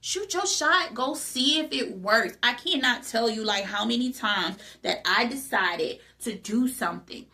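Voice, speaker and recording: Bright-voiced woman giving a motivational talk. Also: a little high, measured pace, hardly any pauses. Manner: emphatic, repeats phrases, asks rhetorical questions. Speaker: spiritual motivational speaker.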